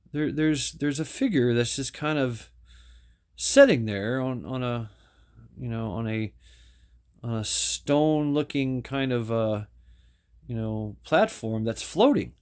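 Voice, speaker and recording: A man casually telling a story, rambling with restarts and fillers. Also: medium pitch.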